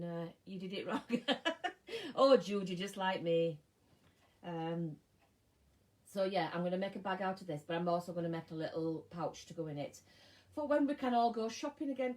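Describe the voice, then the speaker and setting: A woman's voice: medium pitch, a little mellow, low-quality recording. A middle-aged English woman hosting a live sewing stream, chatting casually, greeting viewers by name and sometimes losing her words, sounding tired. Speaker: sewing channel host. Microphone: phone or camera mic.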